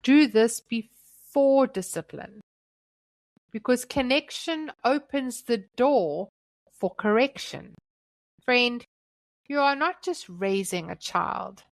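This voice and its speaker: A woman delivers a scripted devotional teaching for parents, her voice a touch high and her pace very slow. She speaks gently in short, emphatic phrases. The recording is close and dry, with no room sound. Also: no room sound. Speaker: Christian parenting podcast host.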